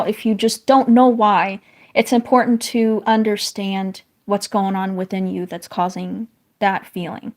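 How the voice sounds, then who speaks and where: A woman's voice: medium pitch, darkish tone. Woman, 30s, from the northern US; casual streamer who reads chat aloud, rambles and restarts often. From northern United States. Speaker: streamer chatting with viewers while drawing.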